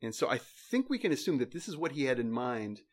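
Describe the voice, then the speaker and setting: A male pastor delivering a sermon from the pulpit. He reads scripture slowly and with weight, pressing on key words, and speaks with earnest, moved feeling. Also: medium pitch, big pitch swings.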